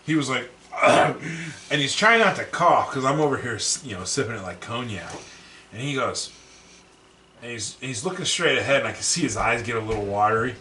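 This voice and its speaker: A man's voice: mid-range voice, moderate pace, far from the mic. A man co-hosting a podcast, telling stories in casual chat, profane and laughing often. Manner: animated, profane, laughs often, acts out quotes. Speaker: podcast co-host. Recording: roomy echo, a bit off-mic, faint background noise.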